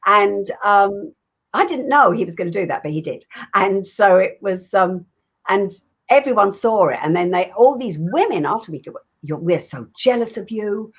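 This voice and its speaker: An older English actress chatting as a guest in a casual interview, rambling with many fillers and little laughs. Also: female voice, mid-range voice, expressive, moderate pace, husky.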